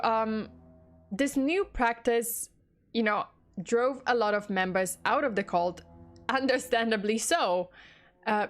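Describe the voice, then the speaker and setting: Chatty young woman streaming true crime. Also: mid-range voice. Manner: chatty, laughs often, swears casually. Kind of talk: casual livestream narration with chat replies. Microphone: desktop USB mic.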